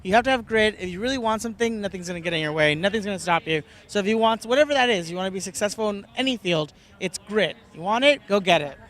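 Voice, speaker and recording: Fast-talking high-voiced young man. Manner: animated, laughs often, acts out quotes. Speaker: actor and guest. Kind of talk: casual interview chat.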